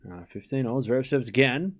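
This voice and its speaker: Brisk and lively in intonation, this mid-range male voice belongs to a streamer running a live tennis watchalong. He gives relaxed play-by-play of the score and shots, talks with his viewers, thanks supporters, and teasingly scolds the chat.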